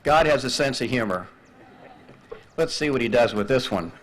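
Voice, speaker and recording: An older man giving a graduation speech, telling a personal story in an animated way and acting out radio calls. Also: mid-range voice, normal speed. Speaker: commencement speaker.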